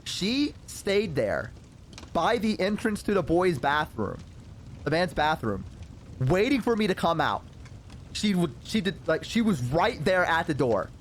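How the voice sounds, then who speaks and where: A male streamer with a slightly high voice tells a rambling personal anecdote. His pitch swings widely, and he drops in casual swearing and filler words as he goes. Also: measured pace, slight background noise. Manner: animated, profane, rambling with fillers. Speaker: VTuber streamer.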